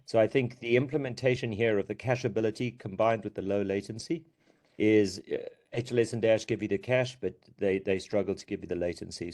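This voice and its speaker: Low-voiced man explaining on a call. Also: a little mellow. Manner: explanatory, measured, repeats words when starting. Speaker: meeting participant. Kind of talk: technical discussion. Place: video call.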